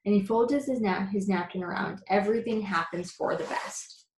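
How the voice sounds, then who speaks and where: A woman reading a children's book aloud for camp story time, with lively expression. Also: mid-range voice, normal speed, slight background noise. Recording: echoey room.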